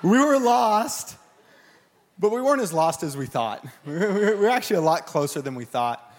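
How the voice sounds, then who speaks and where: A man with a high, light voice preaches to a live church service. He tells his stories in an animated way, leaping into shouted, panicky re-enactments before settling back into teaching. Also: normal speed, in a large hall, some chatter behind. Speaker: pastor. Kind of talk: sermon.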